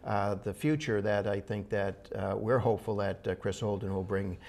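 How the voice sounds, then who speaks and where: A middle-aged man with a New England accent, a city council member answering questions in a local TV interview, pausing often with "uh" between phrases. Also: lowish voice, vocal fry, darkish tone. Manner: hesitant, many "uh" fillers.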